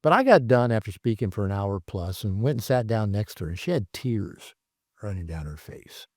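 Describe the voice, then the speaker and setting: A man, a therapist and author, telling stories in a casual interview, rambling and animated with many fillers. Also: on the low side, moderate pace, dry recording, clean studio sound. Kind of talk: casual conversational storytelling. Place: his home.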